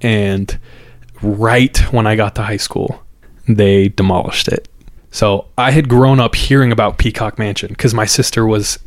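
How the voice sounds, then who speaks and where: A man's voice: fairly low pitch, steady tone, measured pace, no room sound. A man casually telling a scary local legend, building suspense and acting out the people in it. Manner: builds suspense, acts out quoted voices. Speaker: storyteller. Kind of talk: casual storytelling.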